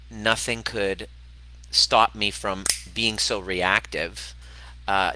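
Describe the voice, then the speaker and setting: A man's voice: lowish voice, bright, forceful tone, rough recording. A man hosting a casual livestream, speaking candidly and emphatically, swearing freely and repeating points to drive them home. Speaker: host of a livestream on self-love and healing.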